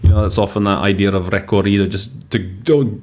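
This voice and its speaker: This interpreting podcast host speaks in a brisk, steady voice on the low side, a little mellow in tone. His casual commentary has him weighing English word choices aloud, with many fillers and restarts along the way.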